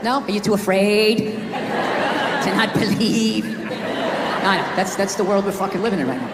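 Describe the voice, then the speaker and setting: A middle-aged man from the US East Coast doing stand-up comedy, ranting and swearing, sometimes shouting. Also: sits high, lively intonation, a little slow. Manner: ranting, profane, shouting at times. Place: large live comedy venue. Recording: live venue with long reverb and loud crowd. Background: audience laughter and crowd noise.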